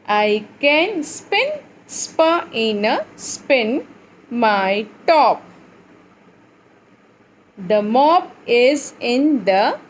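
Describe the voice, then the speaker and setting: A woman teacher leading a phonics lesson for young children, reading words aloud slowly in a sing-song way. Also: fairly high pitch, big pitch swings, a little hiss or hum, poor audio. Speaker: English teacher.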